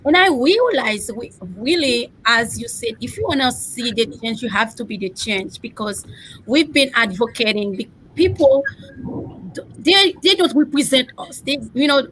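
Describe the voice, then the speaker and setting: Haitian-accented woman, middle-aged, candidate, earnest, halting with fillers, somewhat high voice. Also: lively intonation, fairly bright tone, poor audio. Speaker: political candidate. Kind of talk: earnest personal account on a panel.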